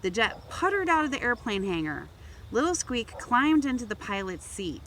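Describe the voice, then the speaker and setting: A woman's voice: on the high side, very animated, moderate pace, a little hiss or hum. Woman reading a children's picture book. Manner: gentle storytelling, raising voice for toy characters. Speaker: volunteer reader.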